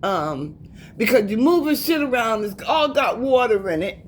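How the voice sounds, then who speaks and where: In a sing-song voice pitched fairly high, a middle-aged woman rants at her viewers from her apartment, preachy and emphatic, saying things again and again for effect. She talks at a moderate pace, with a bit of hiss or hum behind her.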